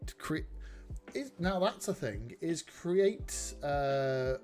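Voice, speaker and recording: A man's voice: fairly high pitch, sing-song, slow pace, darkish tone, faint music behind. A man hosting a casual live coding stream, rambling, chatting with viewers and poking fun at himself. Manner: rambling, self-mocking, talks to chat.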